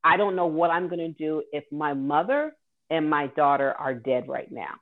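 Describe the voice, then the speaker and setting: A woman's voice: low voice, animated, normal speed. A woman telling an earnest, vivid personal story as a guest host. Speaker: guest host sharing her caregiving story. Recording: tinny phone-like audio.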